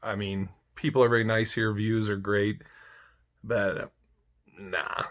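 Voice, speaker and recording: A man casually telling a darkly funny personal story, wry and profane, breaking into loud mock outrage. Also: on the low side, little pitch movement, measured pace.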